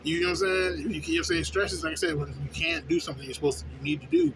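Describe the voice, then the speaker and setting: A young man who works at a fast-food place, venting in a casual, profane, rambling way and often asking "you know what I'm saying?". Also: fairly high pitch, lively intonation. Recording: noisy background with vehicle sounds.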